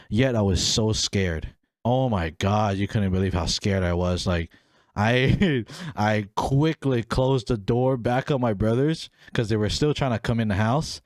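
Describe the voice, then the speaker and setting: A young podcast host with a medium-pitched voice tells a family story casually, recorded with studio quality and no room sound. He's animated, acting out the people involved and raising his voice to play them.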